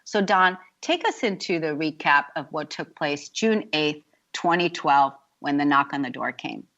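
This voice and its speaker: A woman host with a very low voice introduces her guest on a talk radio show, speaking with frequent fillers and restarts. The sound is dull and lo-fi. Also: lively intonation, a little slow. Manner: warm-up recap, hesitant with fillers.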